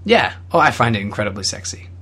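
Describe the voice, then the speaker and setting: A man's voice: lowish voice, very animated, quick pace, pushed and bright, slightly rough. A young Canadian man co-hosting a podcast, chatting casually with lots of fillers and restarts. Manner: rambling, many fillers and restarts. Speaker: podcast co-host. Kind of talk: casual chat.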